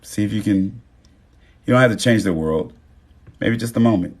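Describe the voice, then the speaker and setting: A man's voice: lowish voice, normal speed. A man hosting a phone live stream, speaking casually and emotionally, swearing freely and thanking viewers by name. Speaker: livestream host.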